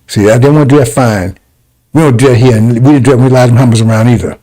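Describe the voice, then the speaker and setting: Scornful preacher man, mellow voice. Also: mid-range voice, fairly even intonation, rapid-fire, poor audio. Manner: scornful, rambling, laughs mockingly. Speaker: religious broadcaster. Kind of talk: heated scripture commentary.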